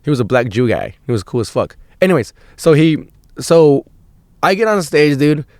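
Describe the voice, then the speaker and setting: A young man with a slightly high voice rambles through a story on his podcast, swearing freely and restarting his sentences. The sound is dry and close, with no room echo. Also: sing-song, normal speed, a little mellow. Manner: rambling, profane, restarts a lot. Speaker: podcast host. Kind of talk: casual storytelling monologue.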